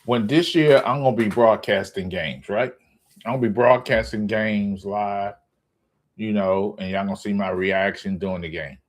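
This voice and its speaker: Ranting profane man. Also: moderate pace. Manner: animated ranting, profane, jumps to high exclamations. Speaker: sports vlogger. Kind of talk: ranting casual monologue.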